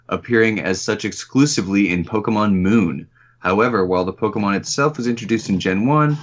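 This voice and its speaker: Playful man co-hosting on a dull lo-fi mic. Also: lowish voice. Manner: playful, reads trivia with fillers. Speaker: podcast co-host. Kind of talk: casual podcast chat.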